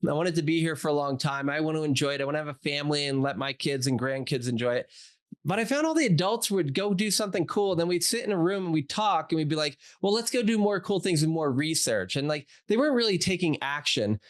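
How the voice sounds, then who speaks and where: A doctor in his forties, appearing as an interview guest, tells a personal story in a casual, animated way, acting out quoted dialogue with lots of "like" fillers. His voice is on the high side and his pace is quick.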